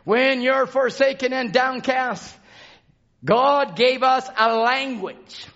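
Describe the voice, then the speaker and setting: A man preaching a fervent sermon in a church, shouting and calling out to the congregation. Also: extremely high pitch, fairly even intonation, takes it slowly, lo-fi sound. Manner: shouting, call-and-response exhortation. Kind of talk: fervent Pentecostal-style sermon. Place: church sanctuary.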